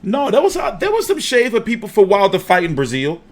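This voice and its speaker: Animated, lively-voiced boxing host man. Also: high voice, quick pace. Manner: animated, profane, jokey. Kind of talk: casual boxing chat.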